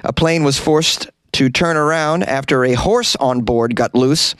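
A comedian with a raspy voice hosts a weird-news podcast, reading stories straight and then breaking off into wry, disbelieving jokes. His pitch sits mid-range for a man. It is recorded in a small closet, so the sound is close and completely dry. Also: unhurried, a bit bright, no room sound. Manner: wry, incredulous, joking asides.

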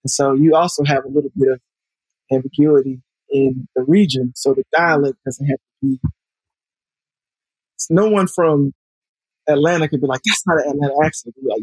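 A man's voice: medium pitch, a little mellow, husky, no room sound, rough recording. A man from Alabama with a Southern US accent, a film director chatting loosely as a podcast guest and leaning on lots of fillers. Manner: loose and conversational, lots of "you know" fillers. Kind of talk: casual podcast conversation.

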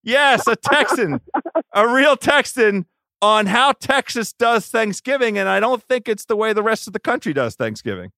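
High, bright-voiced male podcast host. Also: moderate pace, creaky, no echo. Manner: animated, stumbles and repeats words. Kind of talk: casual podcast interview.

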